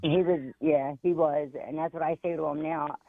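A middle-aged woman with a low, steady voice calls in as a guest for an interview, speaking at a moderate pace. She is a grieving parent, and her emotional talk comes across as earnest and determined. The phone line sounds tinny and dry, with no echo.

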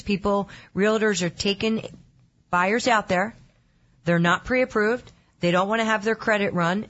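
A woman co-hosting a radio show, practical and brisk, reciting figures. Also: medium pitch, fairly bright tone, highs cut off. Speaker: mortgage segment co-host. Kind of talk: casual radio chat.

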